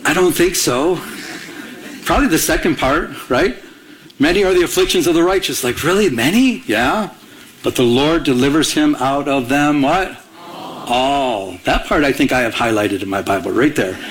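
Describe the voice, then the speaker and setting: A man's voice: mid-range voice, animated, moderate pace, a bit bright, slight background noise. A man preaching a conversational sermon, asking the congregation to fill in words and acting out the people in his stories. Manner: conversational preaching with call-and-response questions; acts out characters in anecdotes with a raised voice. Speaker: pastor.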